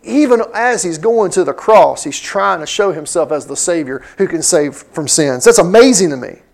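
A man with a high voice preaches a sermon. He walks through scripture verse by verse and acts out the lines he quotes. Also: animated, normal speed, creaky, low-quality recording. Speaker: pastor. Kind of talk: sermon teaching.

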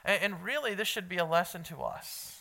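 A man's voice: high voice, fairly quick, gravelly, pushed and bright. A male pastor preaching a sermon, earnestly repeating key points and talking directly to the people in front of him. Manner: earnest preaching with emphatic repetition; talks directly to listeners in the room.

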